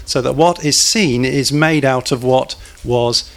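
A man's voice: mid-range voice, a little slow, fairly bright tone. A man preaching a sermon in a church, talking conversationally, putting questions to the congregation and cracking small jokes.

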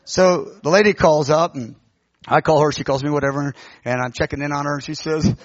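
A middle-aged man preaches, spinning a story with lively, acted-out voices. His voice sits a little high, and the sound is dry and close. The recording is dull and lo-fi. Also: fairly quick, no room sound. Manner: animated, acts out quoted voices. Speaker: pastor. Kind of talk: storytelling sermon.

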